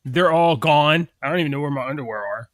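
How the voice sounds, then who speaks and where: Man, host, easygoing, laughing, higher voice, dry close sound. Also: fast, no echo. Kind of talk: casual morning chat.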